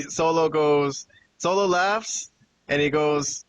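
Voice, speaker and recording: Chatty podcast host recapping wrestling. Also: male voice, fairly high pitch, slow, dry recording, rough recording. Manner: animated retelling with quoted dialogue.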